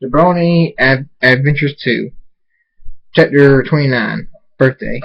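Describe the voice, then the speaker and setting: A man reading a fan fiction story aloud in a halting way, with frequent restarts. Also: medium pitch, vocal fry, muffled recording. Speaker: reader.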